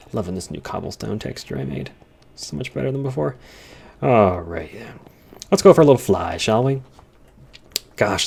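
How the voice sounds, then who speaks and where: A young man, a Minecraft let's-player, rambles casually through a server tour, chatty and easily sidetracked. His voice sits on the low side, gravelly and a little mellow, but it sounds strained and tired.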